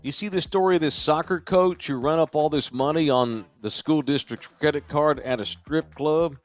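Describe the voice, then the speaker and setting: A man's voice: a little high, normal speed, soft background music. A man hosting a podcast, making crude jokes in a casual chat. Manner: profane, joking, wisecracking. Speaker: podcast host.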